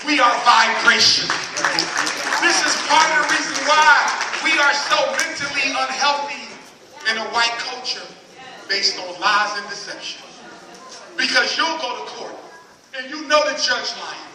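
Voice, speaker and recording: Man, public lecture, very high pitch, emphatic, quizzes audience, distant mic, echoey hall. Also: unhurried. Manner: emphatic, quizzes the crowd, rising to shouts. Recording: echoey hall, recorded from far off, faint noise.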